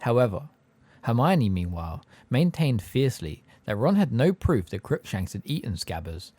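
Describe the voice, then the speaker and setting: A man narrating an audiobook in an expressive storybook style. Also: mid-range voice, normal speed, no echo. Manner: expressive, varied delivery. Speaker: audiobook reader.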